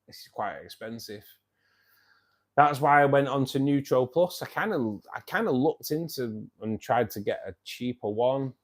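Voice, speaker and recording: Chatty, laughing man in his fifties. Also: medium pitch. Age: 50s. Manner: chatty, self-mocking, laughs often. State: tired. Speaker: livestream host. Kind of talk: casual live-stream chat.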